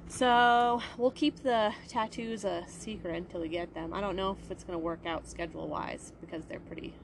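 A woman's voice: mid-range voice, steady tone, normal speed, noisy background. A woman in her thirties chatting casually, rambling with lots of fillers. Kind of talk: casual chat.

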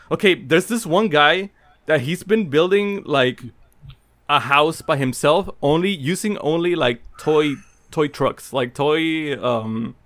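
A man with a bright, slightly high voice rambles through a casual chat with friends. He swears freely, restarts his sentences and laughs between lines. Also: no room sound. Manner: profane, rambling, laughs a lot.

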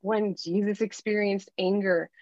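A woman's voice: mid-range voice, unhurried, dry recording, highs cut off. A middle-aged woman, a guest life coach, earnestly telling a candid personal story in a podcast interview. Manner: earnest, animated storytelling with filler ums.

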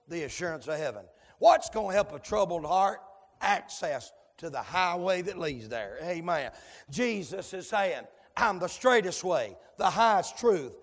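A male preacher delivering a fiery sermon in rhythmic cadences, dotted with amens and sudden shouted whoops. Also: high voice. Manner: rhythmic cadences punctuated with amen. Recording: long hall reverb.

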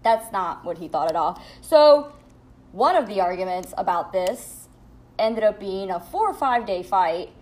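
A young woman telling a storytime vlog at home in a blunt, profane, animated way. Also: medium pitch, measured pace. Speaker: vlogger. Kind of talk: storytime monologue.

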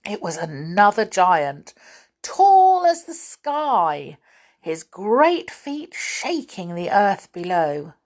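Woman reading a kids' story, slow and unhurried, really sing-songy. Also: mid-range voice. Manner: expressive, lively storytelling.

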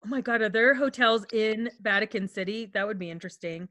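A woman's voice: medium pitch, fairly quick, bright, forceful tone, no echo. A woman co-hosting a podcast, chatting casually, giggling often and rambling a little. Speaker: podcast co-host. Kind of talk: casual comedic chat.

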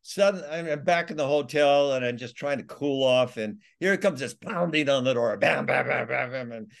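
A man with a mid-range, creaky voice speaks at normal speed as an author and guest in a storytelling interview. He tells his survival stories in a rambling way, restarting often.

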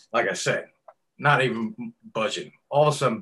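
A middle-aged man, a tattoo artist telling stories in an interview, swearing often and acting out quotes loudly. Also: mid-range voice, normal speed. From New York. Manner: animated, profane storyteller who acts out quotes loudly. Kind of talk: casual storytelling interview.

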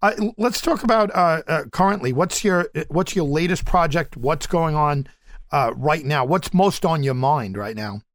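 A man hosting a talk show interview, asking questions with frequent pauses and restarts. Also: a little high, expressive, no room sound, clean studio sound. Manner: halting, many fillers and restarts.

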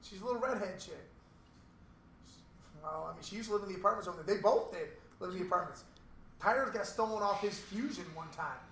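Fast, gravelly middle-aged man, cussing. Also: sits high, lively intonation, a bit bright. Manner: rapid, profane storytelling. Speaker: podcast co-host. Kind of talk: casual chat. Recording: echoey room, mic at a distance, faint noise.

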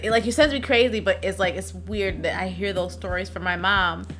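A woman in her thirties co-hosting a podcast, relaxed and joking and quick to laugh. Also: medium pitch, faint music behind. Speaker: podcast co-host. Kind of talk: casual podcast chat.

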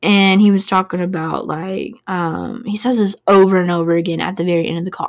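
A woman's voice: on the low side, fairly even intonation, a little fast, few pauses. A woman in her thirties hosting a casual true-crime chat, talking loosely with lots of "like" and fillers. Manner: chatty, filler-heavy, "like" after every few words. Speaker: podcast host.

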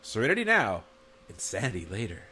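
Animated laughing man, lively pitch. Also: brisk, slightly rough. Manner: animated, laughs often, acts out quoted lines. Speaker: podcast co-host. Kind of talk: casual chat.

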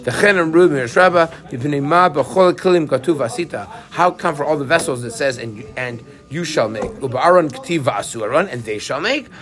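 A man's voice: fairly high pitch, fairly quick, few pauses. A man teaching a Torah class who keeps asking his students questions. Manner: animated, asks the class questions.

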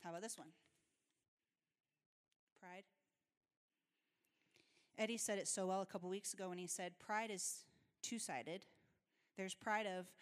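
A woman's voice: lowish voice, a little slow, long pauses. Lady pastor chatting her way through a sermon, earnest, laughs a lot, big reverby church sound. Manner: conversational, earnest, laughs often. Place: church sanctuary.

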